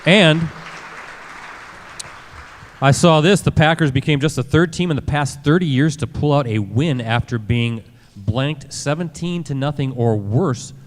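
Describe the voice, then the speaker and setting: A man's voice: a little high, a little slow, long reverb tail, a faint crowd. A man hosting a live sports talk show, moving to a break and reading out stats. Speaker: host.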